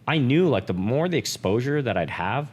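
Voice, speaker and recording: A man's voice: mid-range voice, sing-song, normal speed, darkish tone, long reverb tail. A man co-hosting a podcast, talking candidly and emotionally with lots of "like" fillers and swearing. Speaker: podcast co-host.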